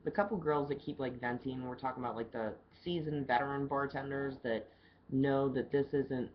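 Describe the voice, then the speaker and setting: A woman's voice: very deep voice, steady tone, moderate pace, slight background noise. A woman working as a bartender, telling stories in a loose, chatty video diary and swearing casually. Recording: dull lo-fi camera audio with faint background ambience.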